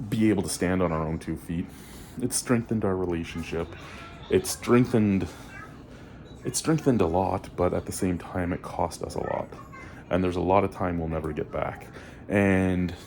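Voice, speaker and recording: Guy, deep and gravelly, dark tone, swearing rant vlog. Good for a fed-up working man. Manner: ranting, swears freely, rising to near-shouting. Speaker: vlogger and store worker. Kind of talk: frustrated venting monologue.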